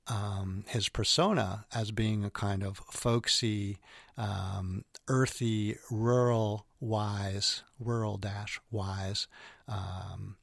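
A man's voice: on the low side, vocal fry, fairly bright tone, no room sound, studio quality. A man giving an informal lecture on poetry, hesitant with many ums and restarts. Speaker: literature lecturer.

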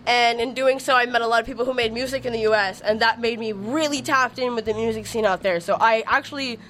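A woman's voice: a little high, fast talker, a bit bright, slight background noise. A young woman from Montreal, a record label founder, chatting casually in an interview, bubbly and giggly, with many "like" fillers. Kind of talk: casual radio interview chat. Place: crowded room with people.

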